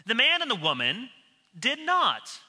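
Animated, bright-voiced preacher in a reverberant hall. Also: male voice, unhurried, breathy edge. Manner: animated, emphatic, drops low and quiet for quoted speech. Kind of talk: expository sermon. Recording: long reverb of a large hall.

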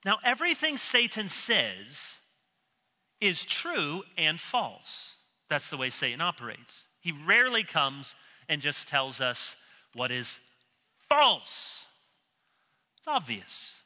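A man preaching an expository sermon, emphatic and animated, dropping low and quiet when he quotes others. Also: takes it slowly, long pauses. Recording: long reverb of a large hall.

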